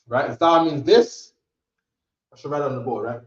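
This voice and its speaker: A man teaching a language class in a relaxed, coaxing way, drilling words out loud and checking in with the students. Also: medium pitch, normal speed, pauses often. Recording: echoey room, dull lo-fi sound.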